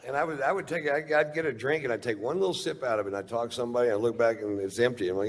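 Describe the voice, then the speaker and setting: A man's voice: mid-range voice, expressive, very fast, few pauses, background noise. A middle-aged man doing stand-up, telling a long story in a laid-back, drawling, profane way. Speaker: stand-up comedian. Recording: live stage recording in a reverberant hall.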